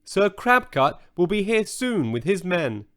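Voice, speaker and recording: A plucky, headstrong little girl from a storybook, as a male narrator puts her on. The voice is pitched well up, with lively, bouncing intonation and an earnest, insistent push, delivered at a slow, clear pace. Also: heavily acted. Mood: determined. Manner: earnest, urgent, determined. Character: brave, stubborn little girl. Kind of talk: children's storybook reading.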